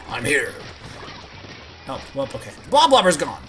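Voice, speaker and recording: A man's voice: medium pitch, measured pace, pauses often, faint music behind. Goofy rambling male game streamer. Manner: rambling, goofy and excitable, yelps when hit; chats with viewers. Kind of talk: live gameplay commentary.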